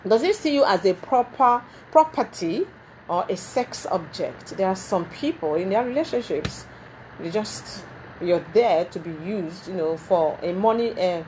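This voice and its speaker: A woman hosts a talk show from a TV studio. Her delivery is emphatic and animated, and she often repeats words as she presses her points. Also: fairly low pitch, a little hiss or hum.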